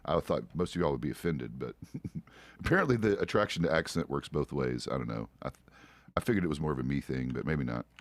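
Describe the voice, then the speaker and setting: Middle-aged American guy, very low voice, dry close sound; relaxed, profane streamer chatter. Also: fairly quick, no room sound. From United States. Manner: profane, laid-back, chuckles often. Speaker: roleplay streamer. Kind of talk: casual chat while roleplaying a game.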